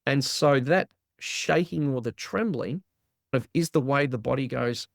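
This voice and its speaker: A man talks through ideas with animated energy, often slipping into quoted inner voices. His voice carries a gravelly edge, recorded dry and close with no room sound. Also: medium pitch, unhurried, no echo. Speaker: guest, trauma release exercise practitioner. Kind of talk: explanatory interview talk.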